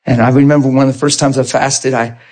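Man, husky voice, mid-pitched, conversational sermon, plain-spoken. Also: flat delivery, fast, a little mellow. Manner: informal and plain-spoken, checking in with listeners. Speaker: preacher.

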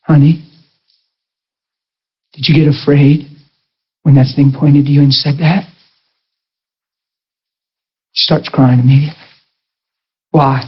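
A man's voice: a little high, level tone, slow pace, long pauses, breathy edge. A man preaching a sermon testimony, telling a story and acting out the dialogue, with emphatic rising peaks. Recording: dull lo-fi sound.

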